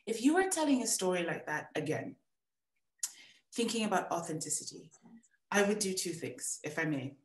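A woman's voice: on the low side, very animated, moderate pace, pauses often. Woman, from the United States, workshop teacher, encouraging, thoughtful, echoey room. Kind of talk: giving feedback in a workshop. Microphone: video call.

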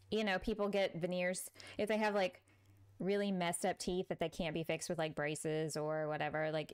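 A middle-aged woman from Texas with a Texan accent, chatting casually and laughing often while streaming a building game to her viewers. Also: fairly low pitch. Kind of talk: casual gameplay chat with live chat.

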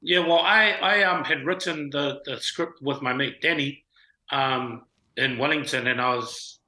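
Laid-back Kiwi man, bright roomy voice. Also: medium pitch, unhurried. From New Zealand. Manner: laid-back storytelling with slang and fillers. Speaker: guest, film writer and producer. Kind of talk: casual interview chat. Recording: roomy echo.

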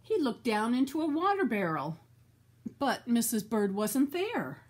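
An older woman reading a children's storybook aloud, slow and expressive, chatting about the story as she goes. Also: on the high side, husky.

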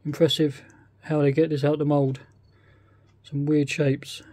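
A man's voice: a little high, flat delivery, a little slow, mellow, no echo. A man with a British accent, casually talking through a model kit unboxing, often hesitant and thinking aloud. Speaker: scale model kit reviewer.

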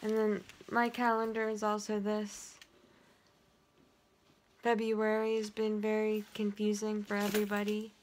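Her voice mid-range and monotone, a young vlogger talks unhurriedly in a casual home chat. She rambles, makes jokes at her own expense and leans on lots of fillers. The indoor recording is noisy.

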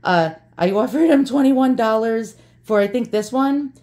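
A woman's voice: fairly high pitch, measured pace, darkish tone. Profane joking woman unboxing. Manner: brash, profane, joking, talks to viewers. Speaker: vlogger unboxing antiques. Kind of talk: casual unboxing chat.

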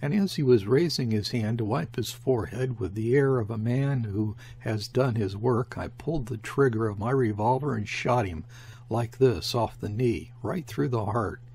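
Male audiobook narrator, measured storytelling, gravelly, husky voice. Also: mid-range voice, darkish tone. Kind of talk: scripted narration.

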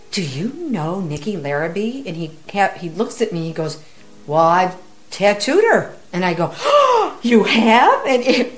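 Woman, middle-aged, medium, casual storytelling, slightly low voice, animated quotes.

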